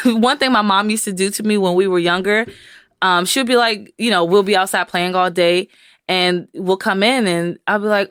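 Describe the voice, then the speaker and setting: Animated young woman, close and dry. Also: normal speed, clean tone, no echo. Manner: animated storyteller, acts out quoted voices in a high pitch. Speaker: podcast co-host. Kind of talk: casual relationship chat.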